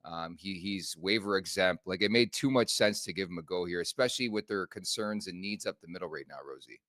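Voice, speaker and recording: A man's voice: deep voice, brisk, fairly bright tone, dry recording, clean studio sound. A Canadian man hosting a casual hockey podcast, running through team news and talking to the live chat. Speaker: podcast host.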